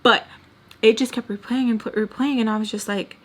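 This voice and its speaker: A woman's voice: fairly high pitch, steady tone, brisk. A young adult woman telling a storytime on camera while doing her makeup, rambling and venting emotionally straight to her viewers. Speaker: storytime vlogger.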